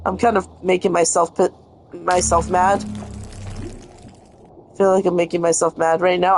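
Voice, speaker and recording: Young woman gamer cussing out a video game, mid-pitched voice, frustrated commentary. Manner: frustrated, cursing, talks to the game. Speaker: gaming streamer. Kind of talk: live gameplay commentary.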